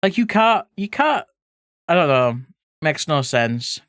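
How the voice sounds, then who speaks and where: A playful art streamer chats loosely with viewers while working, reading their messages aloud and dropping the odd swear. The voice sits at a middling pitch and is recorded close and dry, with no room sound around it. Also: sing-song, takes it slowly, fairly bright tone, no room sound. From England (grew up in Leeds). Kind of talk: casual chat with live viewers while drawing.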